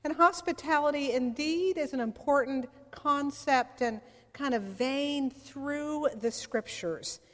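A woman's voice: sits high, takes it slowly, a bit bright. Woman pastor preaching in a reverberant hall. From San Francisco area. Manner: storytelling, conversational, with playful asides. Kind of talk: sermon. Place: church sanctuary.

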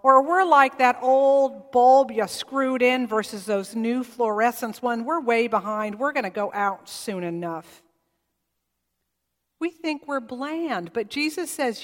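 Slow high-voiced woman preaching in a hall. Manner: measured preaching with emphatic repetition. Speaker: pastor. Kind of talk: sermon. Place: church sanctuary.

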